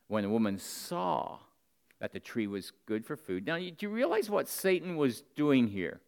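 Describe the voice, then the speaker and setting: A man preaching a sermon to the men in his congregation, earnest and direct, swinging between loud emphatic bursts and low, close asides. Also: sing-song, normal speed, gravelly, clear, resonant tone.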